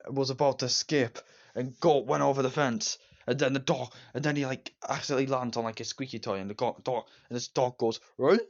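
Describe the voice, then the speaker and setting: A man's voice: medium pitch, steady tone, a little fast, few pauses. Rambling young man with a dull, lo-fi recording. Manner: rambling, repetitive, enthusiastic, many fillers and restarts. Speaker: movie reviewer. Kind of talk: casual spoken movie review.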